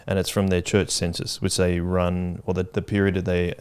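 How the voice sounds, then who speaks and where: A man's voice: low-pitched, monotone, normal speed, a little mellow, clear, resonant tone. A man co-hosting a church podcast, asking questions and restarting his sentences in a casual chat. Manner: inquisitive, hesitant, full of restarts. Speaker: podcast co-host.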